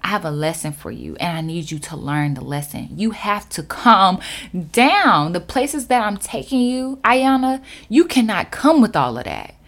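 A hushed, steady male divine voice, as a woman storyteller puts him on, sitting a bit lower and softer than her own talk. He gives firm, patient instruction and keeps it quiet and even, with lots of rise and fall in the pitch. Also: moderate pace.

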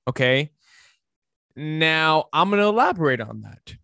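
A man, a fitness coach, giving an emphatic, preachy motivational talk that swings between loud and hushed. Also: fairly high pitch, big pitch swings, unhurried, gravelly, no echo, clean studio sound.

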